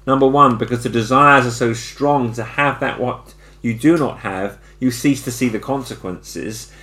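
A man's voice: medium pitch, moderate pace, bright, forceful tone. Middle-aged guy preaching, mid voice, gets emphatic, repeats lines for punch. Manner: builds to emphatic repeated phrases. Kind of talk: sermon.

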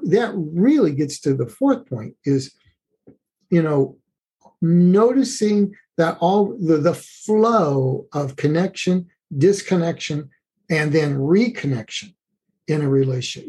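Husky, mellow-voiced man explaining earnestly. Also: fairly high pitch. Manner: earnest, with frequent restarts and "you know". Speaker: relationship expert. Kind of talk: explanatory conversational talk.

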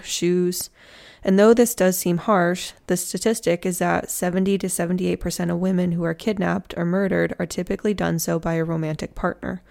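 Chatty woman telling true crime, slightly low. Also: vocal fry, a little mellow. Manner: chatty, with slangy joking asides. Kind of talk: casual true crime storytelling.

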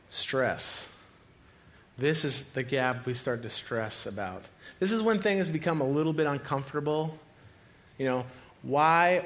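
A male pastor preaching a sermon, animated, swinging between loud cries to God and quiet, low passages.

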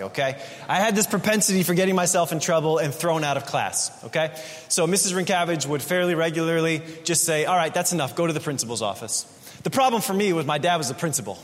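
High-voiced pastor preaching in a reverberant hall. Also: male voice, fairly bright tone. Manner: conversational, emphatic preaching with repeated phrases. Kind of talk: sermon.

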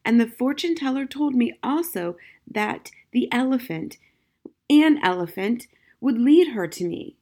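A woman's voice: fairly high pitch, expressive, a little slow, darkish tone, voice pushed up. A woman playing a fiery, indignant wife. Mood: insistent. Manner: emphatic, indignant, raised voice. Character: fiery, excitable middle-aged wife. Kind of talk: audiobook character voice.

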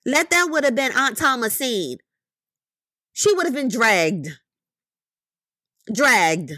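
Woman, high and very animated voice, emphatic profane commentary, unhurried delivery. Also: dry recording. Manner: emphatic, profane, rhetorical questions, repeated "you know what I mean". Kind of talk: impassioned commentary monologue.

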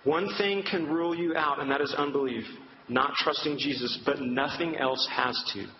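A man's voice: on the high side, moderate pace, noisy background. A man preaching a sermon, speaking earnestly and directly to his listeners with repeated reassurance, in a large hall. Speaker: campus minister preaching. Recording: echoey hall, dull sound.

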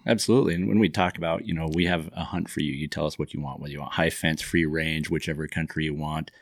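Low gravelly guy hosting a chat, dry sound. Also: steady tone, fast talker, no room sound. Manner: brief listening responses. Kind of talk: casual interview.

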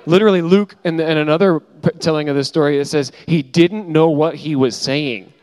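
A man preaching a sermon with lively storytelling, acting out the lines he quotes, on a handheld microphone. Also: on the high side, moderate pace, smooth. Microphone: handheld mic, switched mid-talk. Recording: hall reverb from a live room.

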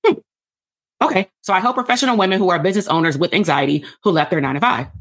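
A woman coaching therapists on building a business. She teaches a live workshop in an energetic, animated way, with casual slangy asides. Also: on the low side, rapid-fire. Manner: addresses the audience as "y'all".

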